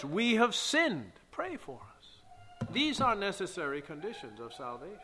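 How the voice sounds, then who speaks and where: Forceful preacher man in an echoing hall. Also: high voice. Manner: emphatic preaching with King James scripture reading. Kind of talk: sermon. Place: church sanctuary. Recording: long church hall reverb.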